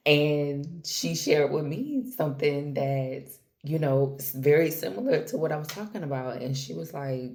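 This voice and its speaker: Woman, very low voice, unhurried, slangy heartfelt chat. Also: expressive, a little mellow. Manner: slangy, conversational, trails off and restarts; calls the listener girl and baby. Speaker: spiritual vlogger. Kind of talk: casual heartfelt monologue to camera.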